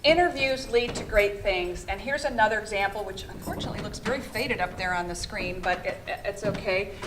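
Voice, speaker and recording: A middle-aged American woman, a fundraising communications consultant, gives a brisk conference presentation on fundraising in a presentation room. Her medium-pitched voice stays engaging as she often poses questions to the audience, while a clear background hiss runs under the recording.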